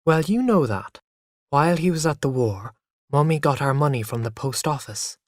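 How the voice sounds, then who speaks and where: A man reading the part of a gentle, patient young mother in a soft, soothing way. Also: fairly high pitch, lively intonation, normal speed, dry recording, clean studio sound, lightly acted.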